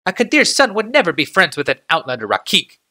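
A man voicing an anxious, deferential male servant in an audiobook reading, his voice pushed high and strained. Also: wildly swooping pitch, quick pace, bright, forceful tone, full character voice. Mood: nervous.

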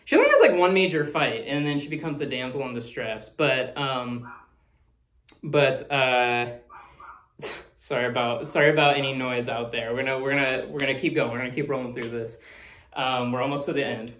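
A man's voice: medium pitch, moderate pace, fairly bright tone. A man talking casually as the host of a movie review, rambling, swearing freely and laughing often. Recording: roomy echo.

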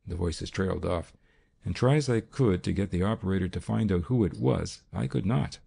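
This detective audiobook is told in the first person by a man whose dark, husky voice sits very low and carries a gravelly edge. His delivery stays even and measured throughout.

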